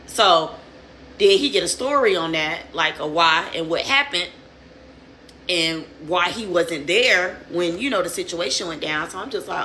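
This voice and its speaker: A woman's voice: lowish voice, expressive, a little slow, pushed and bright, a little hiss or hum. A young woman telling a story in casual, profane, streetwise slang.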